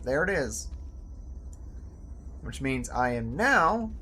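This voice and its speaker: A man giving casual commentary while playing a game, chatty and talking to himself, now and then jumping up loud and high when excited. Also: a little hiss or hum. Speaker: gameplay video host.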